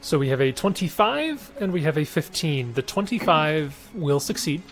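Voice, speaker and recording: A man running a tabletop game as game master, explaining rules and narrating calmly. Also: fairly high pitch, normal speed, soft background music. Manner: matter-of-fact, explains rules.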